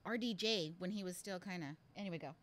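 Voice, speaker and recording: A woman co-hosting a podcast in casual chat, playful and quick to laugh while sharing news. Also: fairly low pitch, dry recording. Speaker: podcast co-host.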